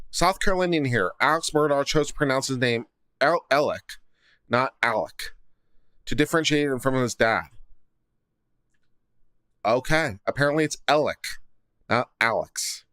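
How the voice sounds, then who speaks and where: A man's voice: on the high side, normal speed, a bit bright, smooth, no echo. A man hosting a casual livestream, reading viewer comments aloud and answering with legal commentary. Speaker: host of a law commentary livestream. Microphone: studio condenser mic.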